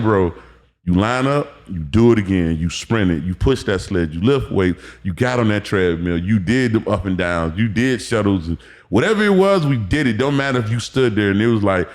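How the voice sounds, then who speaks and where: Animated storytelling man, low voice. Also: fairly quick. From Miami, Florida. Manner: animated storytelling, acts out quotes, profane. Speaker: guest, former football player. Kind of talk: casual podcast interview.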